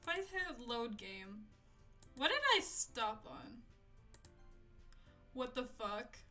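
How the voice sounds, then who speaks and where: Excitable, bright-voiced young woman streamer. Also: on the high side, slow, soft background music. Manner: excitable, swears and laughs often. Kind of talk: live gameplay commentary. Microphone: desk mic, no camera.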